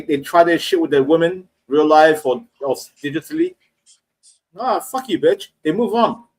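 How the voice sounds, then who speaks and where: A man's voice: fairly high pitch, darkish tone. Blunt, profane man ranting. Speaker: panelist. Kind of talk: casual panel rant.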